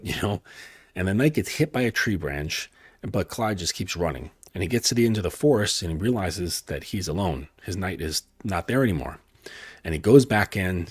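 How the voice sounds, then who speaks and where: Brief: male dating coach, loose rambling storyteller, deep voice. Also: animated, moderate pace, slightly rough, no echo. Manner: rambling, with frequent fillers and profanity. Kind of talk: casual storytelling talk.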